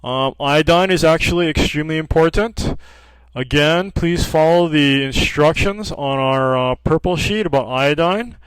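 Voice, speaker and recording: A man's voice: on the high side, a little slow, smooth, no echo, poor audio. Chatty man telling patient stories. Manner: peppers speech with "okay", acts out callers' lines in dialogue. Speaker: hormone practitioner selling progesterone cream. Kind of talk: informal explanatory talk with patient anecdotes.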